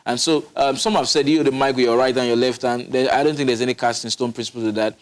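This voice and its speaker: A man's voice: mid-range voice, steady tone, quick pace, clear, resonant tone. A man, a public speaking coach, explaining his methods emphatically in a studio interview, often restarting his sentences. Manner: instructive, emphatic, with frequent restarts.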